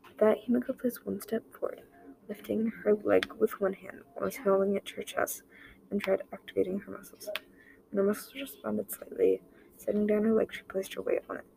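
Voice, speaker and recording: A woman reading an original short story aloud, voicing the dialogue herself and dropping to a near-whisper in quiet moments. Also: mid-range voice, little pitch movement, a little fast, creaky, noisy background. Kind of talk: amateur story narration with dialogue.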